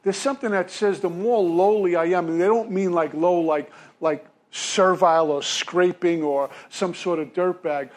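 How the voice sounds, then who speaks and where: A man's voice: high voice, steady tone, moderate pace, hardly any pauses. Brooklyn-raised man telling his story. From Brooklyn, New York. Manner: storytelling, conversational, self-deprecating. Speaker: recovery speaker. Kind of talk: recovery talk at a podium. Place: meeting hall with a podium.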